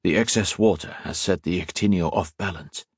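A man voicing a calm, wry male submarine officer in an audiobook, low and measured. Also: slightly rough, no echo, clean studio sound. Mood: matter-of-fact.

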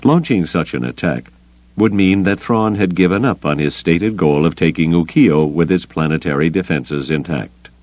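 A man narrating an audiobook in a steady, even storytelling manner. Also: sits low, normal speed, no room sound, lo-fi sound. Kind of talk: scripted narration.

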